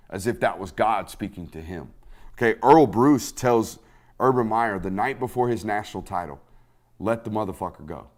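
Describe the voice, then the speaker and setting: A man hosting a sports podcast talks casually and tells animated stories. He swears freely, and his voice sits a little low. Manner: animated, profane storytelling.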